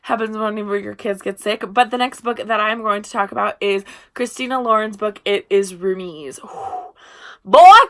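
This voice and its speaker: A woman's voice: mid-range voice, fairly even intonation, moderate pace, hardly any pauses, a bit bright. Chatty young woman gushing over books. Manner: chatty, gushing, trails off mid-sentence. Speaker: book vlogger. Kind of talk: casual book review vlog.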